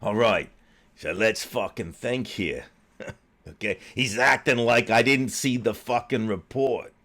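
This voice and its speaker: Man, Philadelphia accent, middle-aged, profane angry rant, slow deliberate delivery. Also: fairly low pitch. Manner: swears constantly, grows heated and shouting. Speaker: political commentary host.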